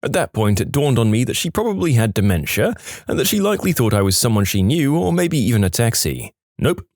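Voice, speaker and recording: A man narrating online stories in an expressive, scripted storytelling manner. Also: mid-range voice, fairly quick, no echo, clean studio sound.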